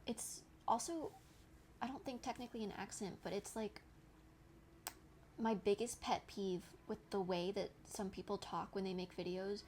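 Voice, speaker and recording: A woman's voice: mid-range voice, moderate pace, a little mellow, slight background noise. A young adult woman streaming, chatting casually with her viewers while she crafts, reacting to their comments and laughing often. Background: background music.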